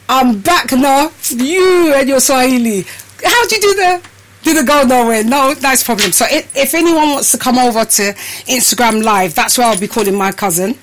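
A woman's voice: a little high, fairly bright tone, poor audio. A woman hosting a casual live-stream show, out of breath and chatting freely with her viewers. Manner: chatty, addresses viewers as people and peeps. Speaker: host.

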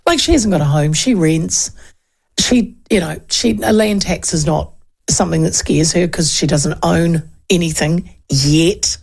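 A woman's voice: lowish voice, a little slow, gravelly, darkish tone, husky. A woman host, giving chatty, digressive political commentary with frequent asides. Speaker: radio or podcast host.

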